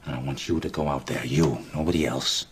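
An actor playing a menacing middle-aged gang boss from the 1800s, with an old New York accent and a slow, nasal, theatrical drawl. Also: male voice, extremely low pitch, steady tone.

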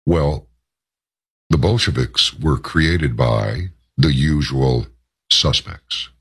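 Gravelly deep-voiced radio talk host. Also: male voice, extremely slow, fairly bright tone. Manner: emphatic, rambling with asides and rhetorical questions. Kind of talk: opinionated talk radio monologue.

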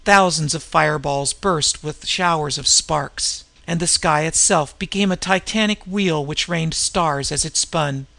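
Brief: male audiobook narrator, gravelly and bright, measured, vivid, dry close sound. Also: on the high side, no echo.

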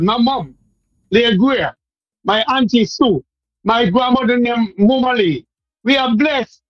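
A man's voice: sits high, dry recording, poor audio. A man from Montserrat with a Montserratian Caribbean accent, calling in to a radio show and talking in a rambling, repetitive, fervent way. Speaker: radio caller. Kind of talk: emotional call-in to radio.

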